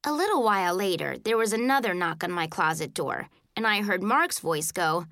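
Expressive woman narrating a children's book. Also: lowish voice, moderate pace, hardly any pauses, no room sound, studio quality. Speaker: audiobook narrator.

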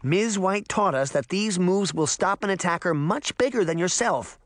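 A man's voice: high voice, animated, moderate pace, dry recording, clean studio sound, voice pushed up. A man voicing a brave little girl who barks earnest martial-arts commands in a raised voice. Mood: determined.

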